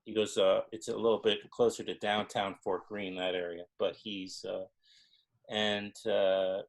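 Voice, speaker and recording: Low-voiced middle-aged man musing casually. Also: vocal fry. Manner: relaxed, musing, hesitant. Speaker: host. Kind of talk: casual interview chat.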